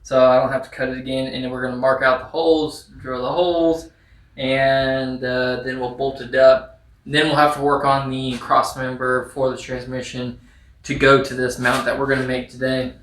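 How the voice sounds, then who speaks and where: A man with a flat, level delivery walks through a repair job in a casual how-to style, filling his talk with "like" and "um." His voice bounces around an echoey garage workshop. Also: medium pitch, moderate pace, distant mic. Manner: rambling, many fillers like "like" and "um". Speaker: YouTuber restoring a truck.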